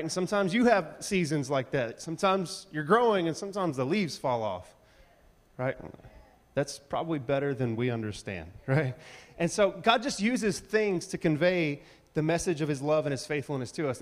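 A man preaching a casual, chatty sermon full of slang and animated asides. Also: high voice. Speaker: pastor. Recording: reverberant church hall.

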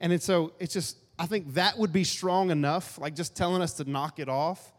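Joking pastor preaching in a reverberant hall. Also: male voice, fairly high pitch, fairly even intonation, moderate pace. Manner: joking, conversational, acts out grumbling asides. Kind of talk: casual sermon.

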